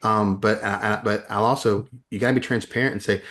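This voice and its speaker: Emphatic man, low voice. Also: fairly even intonation, a little fast, few pauses, fairly bright tone. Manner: emphatic, repeats words while building points. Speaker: podcast guest, educator. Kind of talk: conversational interview.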